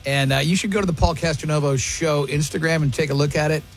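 A man's voice: a little high, steady tone, fast talker, gravelly, soft background music. A man hosting a radio talk show, chatting casually in an emphatic, opinionated way with plenty of restarts. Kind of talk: casual morning-show banter.

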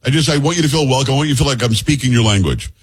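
A man's voice: mid-range voice, husky. A middle-aged man hosting a talk radio show in a jokey, chatty manner, talking into a studio microphone. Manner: chatty, jokey, rapid-fire asides. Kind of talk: casual on-air chat.

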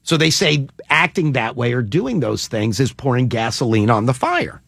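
A man's voice: medium pitch, normal speed, gravelly, dry recording, clean studio sound. A man hosting a morning radio show, chatting animatedly and taking callers. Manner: animated, laughing, takes calls.

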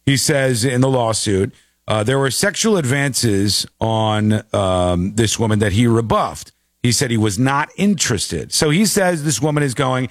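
A man's voice: mid-range voice, animated, measured pace, no echo, studio quality. A man hosting a casual commentary show, talking in an incredulous, joking way. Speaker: show host.

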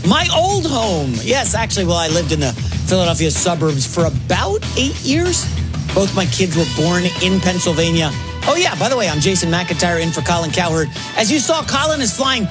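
A man in his forties filling in as host of a sports radio show, talking fast and excitedly with quick asides and self-corrections. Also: high-pitched, loud music behind the voice. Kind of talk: energetic sports talk.

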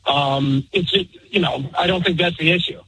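A man calling in to a radio show, thinking out loud with hesitations. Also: fairly high pitch, moderate pace, slight background noise, low-quality recording. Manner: thoughtful, hesitant with fillers. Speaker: caller. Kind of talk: call-in radio talk.

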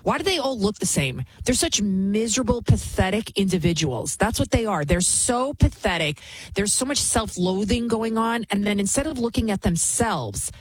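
Husky woman ranting as show host. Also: mid-range voice, animated, moderate pace, no room sound, poor audio. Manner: heated, repetitive, emphatic ranting. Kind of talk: opinionated commentary.

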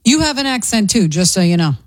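A woman with a New York accent trades jabs on a radio show, sassy and unbothered. Her voice swings widely in pitch, rising and dipping as she needles the host. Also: big pitch swings, fast, dry recording, clean studio sound. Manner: sassy, playfully defiant. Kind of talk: bantering on-air chat.

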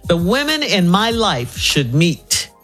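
A man's voice: high-pitched, big pitch swings, slow, fairly bright tone, faint music behind. A man hosting a radio show, introducing the next segments in an amused tone. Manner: amused, laughing aside.

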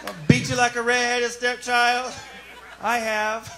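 A man with a very high voice delivers a wry stand-up bit, as if letting the crowd in on a conspiracy. Clear background noise sits under the live recording. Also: monotone, unhurried. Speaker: stand-up comedian. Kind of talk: stand-up set.

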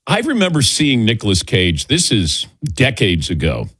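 Lively chatty male radio host. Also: fairly low pitch, breathy edge, no echo. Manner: chatty, animated storytelling with quick laughs. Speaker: sports talk radio host. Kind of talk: casual morning radio banter. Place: radio studio.

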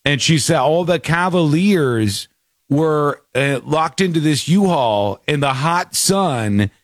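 A man hosting a talk show, telling stories in a rambling, animated way with quick asides. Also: a little high, no echo, clean studio sound. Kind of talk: casual talk show chat.

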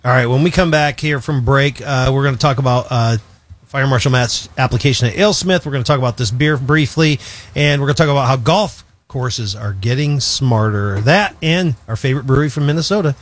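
A man's voice: medium pitch, a little fast. A man co-hosting a radio talk show, rambling through casual banter with plenty of fillers.

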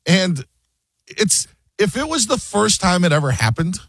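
A man's voice: sits high, measured pace, husky, no echo. A man hosting a sports radio show, chatting casually and joking, often acting out quotes. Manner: animated, jokey, acts out quotes.

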